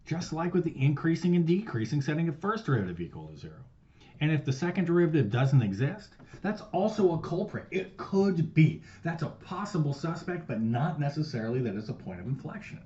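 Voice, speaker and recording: A man teaching a casual recorded math lesson, loose and profane, swinging between loud stressed words and quiet trailing asides. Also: fairly high pitch, big pitch swings, a little fast, dull audio. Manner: loose and profane, swears casually while explaining.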